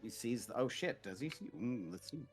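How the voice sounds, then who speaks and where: A man's voice: medium pitch, expressive, moderate pace, soft background music. A man narrating a tabletop game as game master, rambling casually with lots of fillers.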